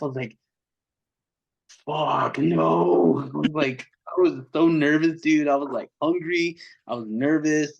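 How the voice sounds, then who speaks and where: This metal band vocalist, a podcast guest, has a gravelly, fairly high-pitched voice and speaks a little slowly. He chats casually, telling an animated story loaded with slang and performing other people's lines in their voices. The audio is dull.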